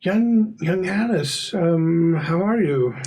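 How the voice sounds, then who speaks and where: A man's voice: high-pitched, lively intonation, slow pace, darkish tone, pitched above the performer's own voice. A man voicing a genial middle-aged male neighbor who stammers a little. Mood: cheery. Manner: cheery, hesitant, stammering.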